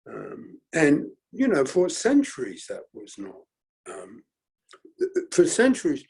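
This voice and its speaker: A middle-aged man with a gravelly, husky voice gives a reflective forum talk. He speaks slowly and haltingly, pausing for fillers and restarting his sentences as he works through his thoughts. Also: on the high side, wildly swooping pitch, darkish tone, low-quality recording. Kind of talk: reflective talk, thinking aloud.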